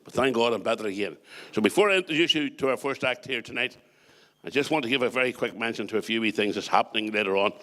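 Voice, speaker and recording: Performing stand-up as a comedian and compere, a middle-aged man with a Northern Irish accent tells jokes with quick punchlines and makes chatty remarks to the crowd. He has a mid-range, animated voice with a sharp tone.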